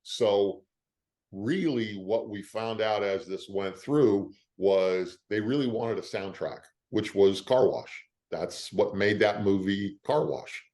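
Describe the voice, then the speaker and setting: An older man with a lowish voice tells stories in a relaxed interview. He is animated and often jumps into the voices of the people in his stories. His delivery is casual and conversational. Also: slow pace. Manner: animated storyteller who acts out the quoted lines of others. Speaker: actor, interview guest.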